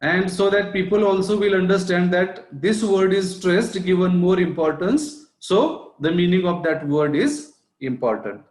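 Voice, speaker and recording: A man's voice: high voice, unhurried, darkish tone, echoey room. A man giving an online lecture on public speaking, explaining his points and often checking in with "right?". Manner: explanatory, repeats points, asks rhetorical "right?". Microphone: online class audio.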